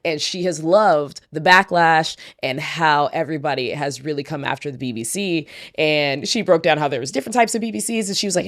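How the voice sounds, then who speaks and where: Low-voiced woman, podcast co-host, relaxed and playful storyteller. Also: fairly quick, few pauses. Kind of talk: casual chat.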